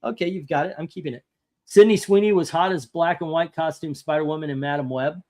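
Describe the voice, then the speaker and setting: A man's voice: fairly high pitch, fast, darkish tone. A man hosting a casual talk show, chatting loosely with frequent restarts and swearing. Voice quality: rambling, profane, with restarts. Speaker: host. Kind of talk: casual chat.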